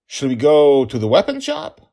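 A goofy storybook dad, absent-minded and teasing, is voiced a notch higher and brighter than the narrator's own tone. A man puts him on while reading. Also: huge pitch swings, moderate pace, vocal fry, heavily acted. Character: goofy forgetful father, teasing.

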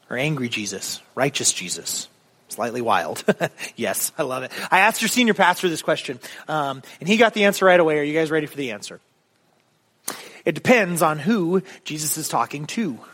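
Animated male preacher in a reverberant hall. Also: medium pitch. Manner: casual, animated preaching with voiced quotes. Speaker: guest preacher. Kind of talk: sermon.

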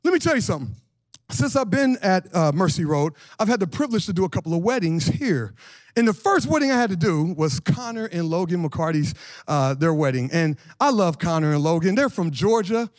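High-voiced animated male preacher. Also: brisk, no echo. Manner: animated, slangy, asks the congregation questions. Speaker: pastor. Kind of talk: lively conversational sermon.

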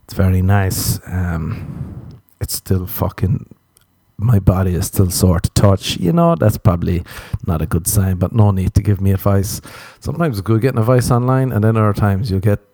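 A man's voice: deep voice, normal speed, warm tone, dry recording. A man riffing through a rambling comedic monologue, swearing freely, mocking himself and breaking into laughs. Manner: profane, self-mocking, laughs often; loose storytelling with asides.

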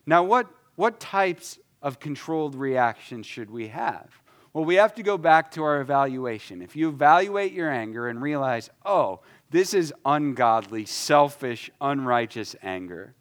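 A man in his thirties preaching a sermon, emphatic, shifting between loud stresses and soft asides. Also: mid-range voice. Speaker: pastor.

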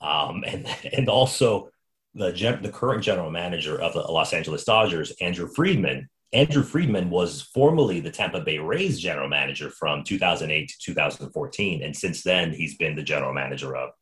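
A man hosting a casual sports podcast, telling stories in an animated, quick way with frequent restarts. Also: low-pitched. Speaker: podcast host.

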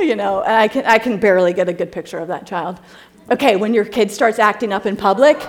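A woman in her thirties giving a casual, humorous talk with slides, chatty and quick to laugh as she tells stories and acts out quotes. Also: medium pitch. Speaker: speaker presenting slides to a group.

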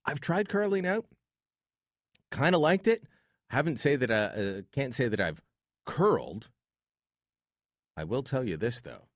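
A man's voice: mid-range voice, sing-song, unhurried, long pauses, dry recording, studio quality. A man hosting talk radio in a sarcastic, joking way. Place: radio studio.

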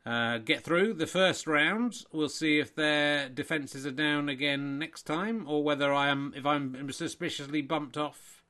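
A man voicing a paranoid male snooker player who believes in conspiracies, speaking in a low-key, conspiratorial mutter. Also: bright, forceful tone. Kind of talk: comic commentary improv.

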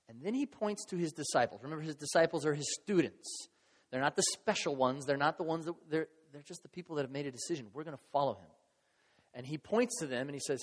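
A man preaching a sermon as pastor, in a conversational, animated way, acting out voices from the scripture he reads. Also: fairly high pitch, brisk. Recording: long reverb of a large hall.

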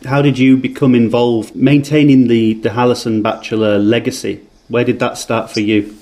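A man with a mid-range voice puts questions to his guest. He speaks in a measured way with small hesitations. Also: mid-range voice, flat delivery, a little mellow. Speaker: interviewer. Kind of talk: interview questions.

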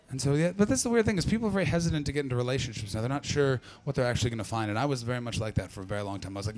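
A man's voice: mid-range voice, expressive, rapid-fire, hardly any pauses, a little mellow. A man from Canada doing stand-up crowd work, brash and profane as he teases the audience. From Ottawa Valley, Canada. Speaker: stand-up comedian.

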